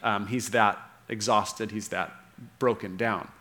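A man's voice: fairly low pitch, steady tone, measured pace, sharp tone. A man preaching a sermon, earnest and unscripted, with frequent fillers and restarts.

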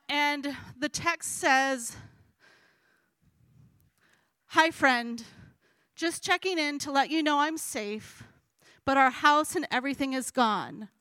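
A woman's voice: sits high, bright, forceful tone, no echo. A middle-aged woman leading a weekly Bible study, speaking earnestly and emotionally to her group, with a conversational manner and many fillers. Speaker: women's Bible study leader. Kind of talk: heartfelt teaching talk to a group.

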